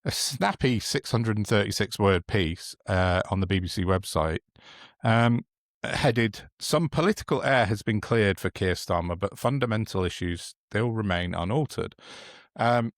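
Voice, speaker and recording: A man's voice: on the low side, animated, a little slow, dry recording, studio quality. An English man co-hosting a political podcast, talking casually and reading out quotes with plenty of ums and restarts. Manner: hesitant, reads out quotes with many fillers. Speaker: podcast co-host.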